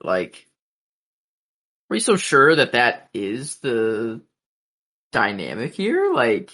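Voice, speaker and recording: Man, podcast co-host, chatty and reactive, lively swooping pitch, casual talk. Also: slow pace. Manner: chatty, reactive, asks questions. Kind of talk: casual recap chat.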